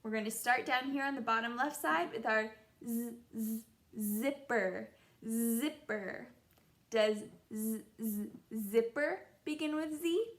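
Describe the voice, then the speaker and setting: A young woman teaching a children's phonics lesson, sounding out letters in a slow, encouraging sing-song way. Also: fairly high pitch, a bit bright. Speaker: kindergarten teacher.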